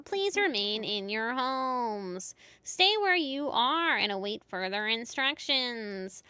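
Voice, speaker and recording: A woman voicing a formal female TV news anchor in a video game, reading bulletins in a measured, official way. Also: on the high side, animated, bright, forceful tone, clear, resonant tone, no echo, exaggerated voice. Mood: grave. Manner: measured, official broadcast delivery.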